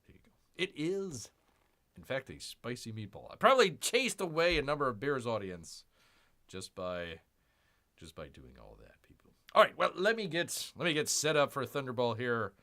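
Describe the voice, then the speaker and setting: Rambling male livestream host, bright voice. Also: mid-range voice, sing-song, normal speed. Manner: talks about himself in third person, rambling, many restarts. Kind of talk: casual live-stream chat.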